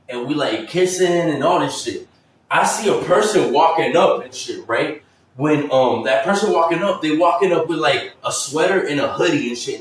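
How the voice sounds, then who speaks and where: Young man, casual storytime, slangy, profane, rambling, echoey room, distant mic, faint background hum. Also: on the high side. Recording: roomy echo, mic far off.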